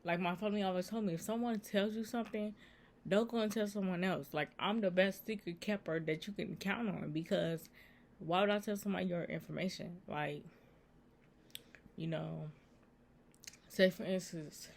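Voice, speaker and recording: A woman's voice: on the low side, moderate pace, gravelly. Earnest woman preaching faith on her vlog. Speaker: vlogger giving faith advice. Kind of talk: casual Christian encouragement vlog.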